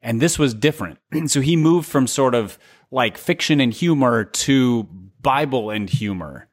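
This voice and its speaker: A man's voice: mid-range voice, expressive, unhurried. Hesitant man co-hosting a chat podcast. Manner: hesitant, restarts often, wry. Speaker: podcast co-host. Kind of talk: casual chat.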